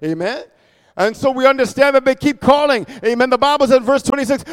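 A man preaching a sermon, reading scripture and breaking into animated, shouted call-and-response. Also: very high voice, fast, smooth.

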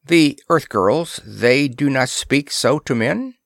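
A man's voice: mid-range voice, expressive, slow, gravelly, fairly bright tone, no room sound, studio quality, voice pushed up, exaggerated voice. A man voicing a formal, earnest alien princess. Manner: formal, stilted phrasing. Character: earnest alien princess, young woman, direct.

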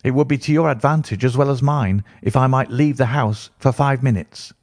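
A man's voice: medium pitch, moderate pace, a little mellow, no room sound, studio quality, close to an everyday voice. A man reading out a proud, defiant young son in stiff, formal speech, lifting his voice a little for the part.

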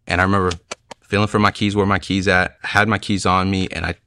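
Deep, earnest young man telling his story. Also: flat delivery, fairly quick, bright, forceful tone, a little hiss or hum. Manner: earnest, reflective, with frequent "like" and "you know". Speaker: speaker sharing a conversion testimony. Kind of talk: personal storytelling.

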